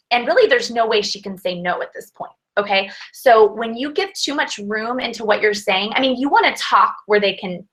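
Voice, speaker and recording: A woman with a bright, forceful voice coaching her sales team in a pep-talk style. She sits a little high in pitch and keeps things chatty, upbeat and peppered with fillers. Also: rough recording.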